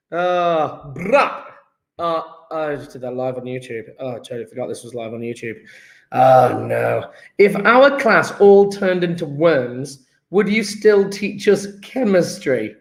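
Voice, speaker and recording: A man's voice: a little high, lively intonation, unhurried, vocal fry, reverberant. A male teacher chatting and joking with his class while taking the register in a live-streamed online lesson. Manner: chatty, joking, takes register and reads out student chat.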